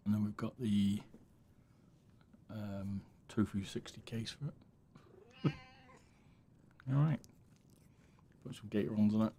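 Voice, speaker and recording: A man streaming a keyboard build in a casual, relaxed way, muttering asides to himself and chatting to his cat between steps. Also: on the low side. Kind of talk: casual livestream chat while building a keyboard.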